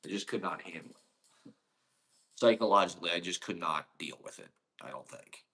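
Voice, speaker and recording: A man's voice: sits low, lively intonation, moderate pace, bright, forceful tone. A man from Ohio delivering a casual, rambling monologue, profane and sarcastic.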